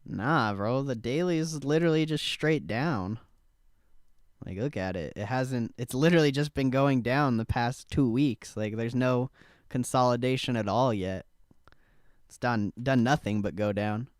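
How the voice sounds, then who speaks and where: Young man, streamer, relaxed, smooth voice, dry close sound, slow easy pace. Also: mid-range voice, no room sound. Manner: laid-back, swears casually, laughs often, talks to chat. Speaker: stock trading livestream host. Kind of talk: casual live-stream chat.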